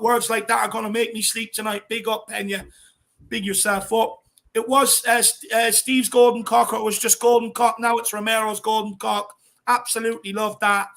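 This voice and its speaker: A man with an Irish accent co-hosting a fan show, chatting casually and reading out viewer comments with shout-outs. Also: high voice, gravelly. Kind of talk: casual live-stream chat.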